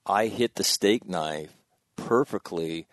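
A man's voice: sits low, slow pace, no room sound, clean studio sound. A man in his sixties telling a long personal story in casual chat, rambling and correcting himself and laughing at his own mishaps. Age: 60s.

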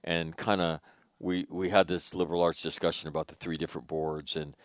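A man hosting an interview, telling a long story in a casual, animated way and swearing now and then. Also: low-pitched, brisk, no echo, studio quality. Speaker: podcast host.

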